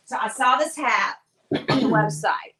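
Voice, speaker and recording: A woman in her sixties, a guest on an interview show, telling chatty, animated stories full of fillers. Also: a little high, a little slow, noisy background. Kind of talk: casual storytelling interview.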